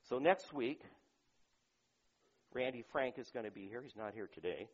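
Husky-voiced male pastor preaching conversationally. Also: mid-range voice, lively intonation, normal speed, highs cut off. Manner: conversational preaching with rhetorical questions and dynamic swings in loudness. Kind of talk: sermon.

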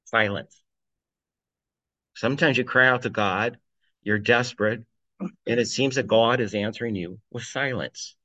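A man's voice: medium pitch, unhurried, long pauses, sharp tone, no echo, dull audio. A man giving a conversational sermon, reading scripture aloud and chuckling between points. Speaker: preacher. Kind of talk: informal sermon on a psalm.

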